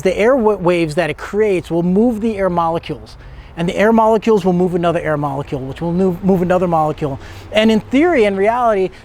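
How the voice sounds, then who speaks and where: A man's voice: high voice, a little mellow. A middle-aged man, a motivational speaker, telling a personal story in an earnest manner that builds to emphatic peaks.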